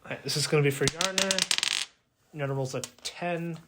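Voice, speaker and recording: A man's voice: a little high, normal speed, very noisy. A man playing a tabletop game, describing his character's actions casually with fillers. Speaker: player. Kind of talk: tabletop role-play.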